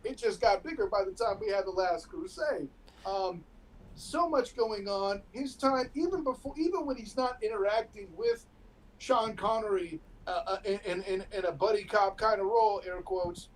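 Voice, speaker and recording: A man's voice: high voice, expressive, moderate pace, poor audio. A male co-host on a live comedy podcast, speaking in a casual, chatty way. His delivery is sarcastic and teasing, full of playful digs at his partner. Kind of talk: casual banter.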